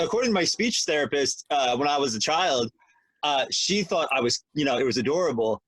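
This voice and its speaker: A husky man with a lively, swinging pitch co-hosts a casual podcast, rambling and joking his way through his points. The sound is dry and close, with no room around him. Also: brisk, dry recording. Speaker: podcast co-host.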